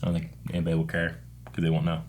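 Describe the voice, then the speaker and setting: A man's voice: deep voice, completely flat delivery, very fast, a little mellow, slight background noise. A man co-hosting a reaction show, chatting casually and hesitantly with fillers. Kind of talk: casual chat.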